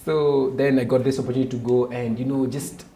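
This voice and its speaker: A man's voice: mid-range voice, flat delivery, fast talker, mellow. A man from Kenya hosting a casual livestream chat, chatty, with lots of fillers and frequent laughter. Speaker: host. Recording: echoey room with faint noise.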